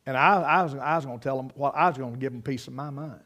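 A man's voice: medium pitch, fast talker, fairly bright tone. A man preaching a folksy sermon, telling homespun stories and sayings and often restarting his sentences. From United States. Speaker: pastor.

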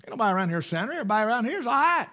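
Mid-sermon, a middle-aged preacher speaks in a high voice for a man, his pitch jumping all over. He's very animated and rapid-fire, shifting from loud, fervent bursts to hushed asides.

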